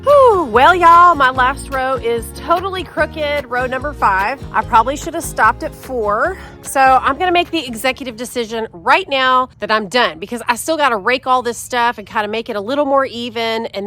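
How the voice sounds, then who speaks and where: A woman's voice: fairly high pitch, moderate pace, few pauses, bright, forceful tone, soft background music. A middle-aged woman, talking casually to camera while out of breath from yard work outdoors. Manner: chatty, folksy, addresses viewers as y'all. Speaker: gardening vlogger.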